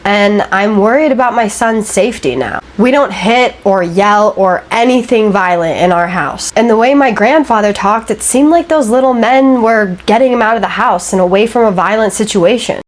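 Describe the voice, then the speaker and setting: A woman's voice: medium pitch, moderate pace, hardly any pauses, lightly acted. A woman voicing a worried young father who tells a family story in first person, with a Southern drawl. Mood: earnest worried. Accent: Southern American drawl. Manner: earnest, anxious.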